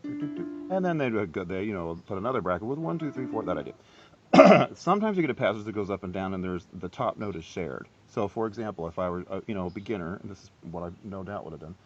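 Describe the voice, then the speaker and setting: A man's voice: low voice, expressive, quick pace, few pauses, highs cut off, soft background music. A man giving a casual, rambling harp lesson, chatty and self-deprecating. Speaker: harp teacher. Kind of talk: casual instructional video.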